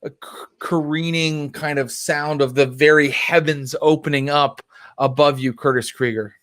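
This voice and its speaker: A man's voice: a little high, fairly even intonation, normal speed, a bit bright, no echo. A man running a tabletop role-playing game as storyteller, narrating in a loose, chatty way with fillers.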